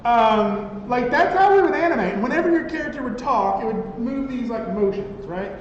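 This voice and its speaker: A high-pitched man teaching a class in a conversational way, often checking with the room. The sound is echoey with a long reverb tail, a dull lo-fi quality and faint room noise. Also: expressive, moderate pace. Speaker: instructor. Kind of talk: classroom software lecture.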